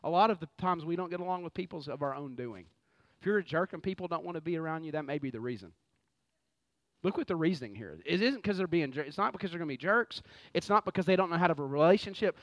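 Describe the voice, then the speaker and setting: Man, pastor, gravelly, dry close sound. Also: a little high, quick pace, no echo. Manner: animated, conversational preaching with rhetorical questions. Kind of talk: sermon.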